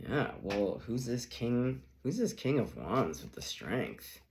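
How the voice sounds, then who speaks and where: A man's voice: medium pitch, very animated, takes it slowly, a little mellow, a little hiss or hum. A man giving a casual tarot reading in a playful, chatty way, acting out little reactions as he goes. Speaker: tarot reader.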